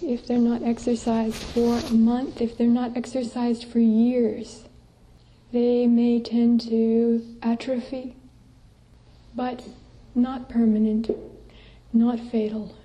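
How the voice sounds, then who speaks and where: A woman, a Buddhist nun, giving a dharma talk to a meditation group, gentle and unhurried, sometimes sinking to soft breathy asides. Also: a little high, little pitch movement.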